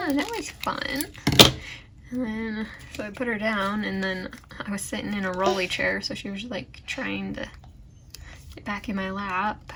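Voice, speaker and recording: A woman's voice: mid-range voice, fairly even intonation, a little slow, very noisy. A woman chatting casually as she narrates a plan-with-me video and talks to her baby now and then. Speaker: planner vlogger.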